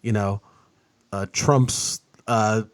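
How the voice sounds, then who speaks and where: A man's voice: on the low side, steady tone, very slow, no echo. A man co-hosting a podcast, telling stories in a sarcastic, joking way. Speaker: podcast co-host. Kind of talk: casual chat.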